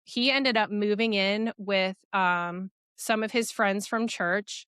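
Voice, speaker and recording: A young woman recounting a personal story as a podcast guest, earnest and quick, with many fillers. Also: mid-range voice, steady tone, fairly bright tone, clean tone, no room sound, studio quality.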